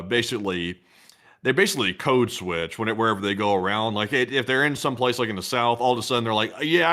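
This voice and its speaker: A man's voice: medium pitch, a bit bright. A young man co-hosting a live stream, giving casual political commentary in a rambling way with many restarts. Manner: quick and rambling, many restarts and "it's like" asides.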